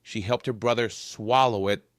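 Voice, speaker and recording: A man narrating a scripted story in a lively, varied storytelling voice. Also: lowish voice, normal speed, dry recording, studio quality.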